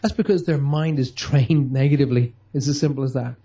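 Emphatic man, dark husky voice. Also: mid-range voice, a little fast. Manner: emphatic, acts out quotes. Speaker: guest speaker. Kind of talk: motivational talk.

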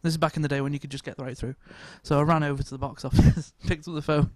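A man telling a lively anecdote in casual chat. He swears, laughs often and stammers over restarts. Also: fairly high pitch, quick pace, dry recording.

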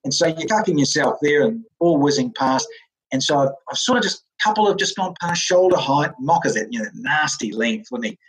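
A former cricketer from New Zealand with a New Zealand accent, telling animated stories as an interview guest, laughing often and acting out the voices of others. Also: male voice, fairly high pitch, a little fast, rough recording. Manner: lively, laughs often, acts out quoted voices. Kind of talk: animated storytelling.

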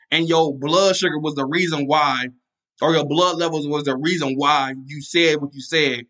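Heated podcast host, bright and fiery. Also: male voice, a little high. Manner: angry, repetitive, many restarts and fillers. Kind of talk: casual solo podcast rant.

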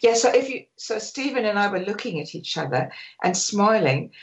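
Older woman, sports photographer guest; animated storyteller who acts out quotes. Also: mid-range voice, moderate pace, dull audio. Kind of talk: telling stories in a radio interview.

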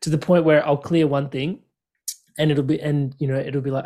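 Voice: medium pitch, level tone, a little fast, warm tone. A podcast host chatting in an enthusiastic, rambling way and laughing often. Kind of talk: casual chat.

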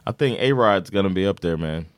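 A man co-hosting a casual sports chat, animated and profane, quick to joke and swear. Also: deep voice, no room sound, studio quality. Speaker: podcast co-host.

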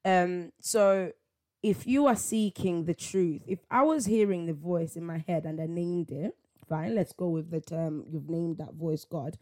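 A woman's voice: on the low side, unhurried, a little mellow. A woman hosting a solo faith podcast, talking in a reflective, conversational way with many rhetorical questions. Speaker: podcast host.

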